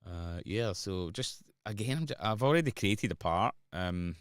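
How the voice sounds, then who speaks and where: Scottish producer, deep voice, dry close sound, jokey rambling stream banter. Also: male voice, animated, moderate pace, no room sound. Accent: Scottish, Glasgow area. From Scotland. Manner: joking banter with chat, rambling. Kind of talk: casual livestream chat while producing.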